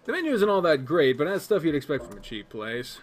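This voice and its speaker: A man's voice: fairly high pitch, sing-song, fast, very noisy. A man reading a game aloud and commenting casually, joking and swearing freely. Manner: profane, joking, reads all characters aloud. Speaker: video game player. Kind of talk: casual let's-play commentary.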